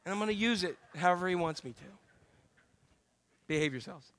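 A middle-aged male pastor preaching a candid, self-deprecating sermon full of jokey asides and sudden high exclamations. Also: expressive, a little fast, a bit bright. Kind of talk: humorous conversational sermon.

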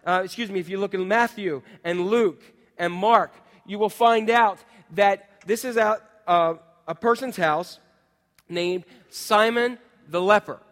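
High-voiced preacher in a reverberant hall. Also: male voice, measured pace, a bit bright. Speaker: pastor. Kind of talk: sermon.

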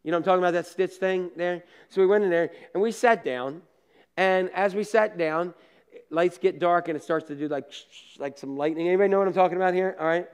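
High-voiced pastor telling animated stories. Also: male voice, fast, smooth. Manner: animated storyteller, acts out scenes and laughs at himself; casual asides to the congregation. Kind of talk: sermon with personal stories.

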